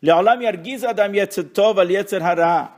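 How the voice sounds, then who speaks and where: A man's voice: sits high, fairly quick, a little mellow. A man teaching a Torah lesson, reading Hebrew phrases and translating and explaining them with wry asides.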